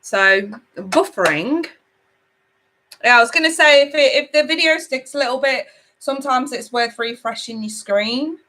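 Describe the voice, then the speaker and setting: A woman's voice: high voice, normal speed, pushed and bright. A woman hosting a live tarot stream, chatting casually and affectionately with viewers as she reads out their comments. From United Kingdom. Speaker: tarot reader hosting a livestream. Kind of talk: casual livestream chat.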